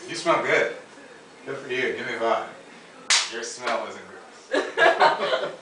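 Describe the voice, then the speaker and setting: A man's voice: mid-range voice, slow, echoey room, distant mic, heavy background noise. A man coaching a trainee, acting out lines and laughing as he demonstrates. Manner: animated, demonstrative, laughs often. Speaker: dating coach.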